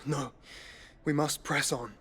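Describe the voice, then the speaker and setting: A frail yet resolute young nobleman in a video game. He speaks low and weak in a flat, even tone. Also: takes it slowly, slightly rough, exaggerated voice.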